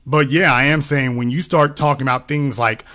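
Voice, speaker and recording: A man's voice: mid-range voice, fairly even intonation, normal speed, pushed and bright. A man talking as a political commentator in a casual discussion, often repeating himself and asking rhetorical questions.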